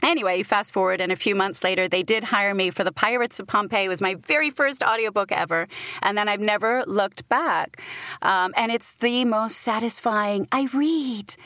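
A woman's voice: medium pitch, moderate pace, bright, forceful tone, no room sound. A middle-aged woman from Britain, an audiobook narrator, telling stories animatedly and laughing often in a casual interview.

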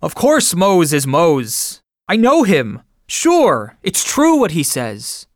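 A man reading a memoir aloud, voicing an excited farmer who speaks emphatically and repeats himself. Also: a little high, slow pace, dry recording, clean studio sound, voice pushed up, exaggerated voice. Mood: insistent.

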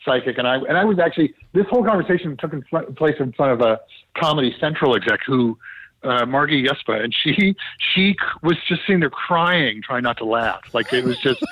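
A man, a TV producer and podcast guest, telling stories in a casual, animated way and acting out what others said. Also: medium pitch, brisk, dry recording, rough recording. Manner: animated storyteller who acts out quotes. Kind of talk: casual anecdotal storytelling.

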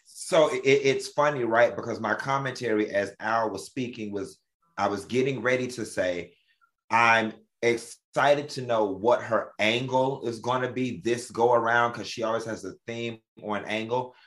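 A male co-host chatting on a talk show. He tells stories with a lively, animated delivery and laughs often. His voice sits at an ordinary middle pitch. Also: moderate pace. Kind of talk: casual chat.

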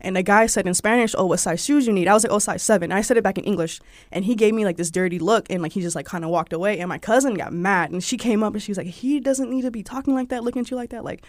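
Her mid-range voice runs quick with few pauses as this young Southern woman from Georgia, USA, a guest in a chatty interview, recounts personal stories. She says "like" constantly and brings quoted voices to life. The recording is dry and studio quality.

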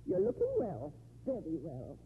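This actress goes lowish and exaggerated, her pitch swooping wildly, with vocal fry and a moderate pace. She portrays a lonely, hard-drinking, sardonic older woman in mocking, theatrical 1950s radio drama style. The audio is a dull, slightly hissy radio broadcast from that decade.

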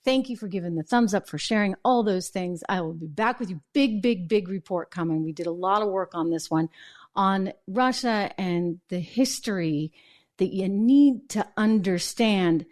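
A woman's voice: mid-range voice, moderate pace, darkish tone. A middle-aged woman hosting a political commentary channel, talking casually to camera, chatty and sarcastic with frequent laughs.

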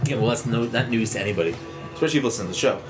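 A man's voice: mid-range voice, rapid-fire, music in the background. A man co-hosting a casual podcast, joking, laughing often and swearing. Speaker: podcast co-host.

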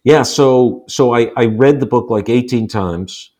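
A man in his sixties from the United States, a guest telling personal stories in a relaxed interview and acting out the quotes. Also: unhurried. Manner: animated storyteller, acts out quotes with rising pitch. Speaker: guest, author. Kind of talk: storytelling in a casual interview.

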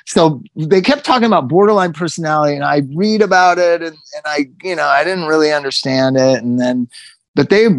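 Animated gravelly man telling stories. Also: mid-range voice, no room sound. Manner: animated, swearing, acts out quotes. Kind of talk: casual storytelling chat.

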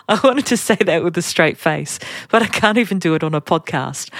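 A woman's voice: on the low side, animated, a little fast, few pauses, no echo, clean studio sound. A middle-aged woman with an Australian accent, hosting a podcast and telling personal stories in a chatty, self-deprecating way. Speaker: podcast host. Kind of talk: personal storytelling.

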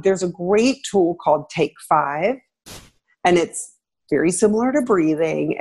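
Husky woman giving lively parenting advice. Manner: animated, laughs, acts out quotes with pitch jumps. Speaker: parenting guest expert, former teacher. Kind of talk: conversational advice.

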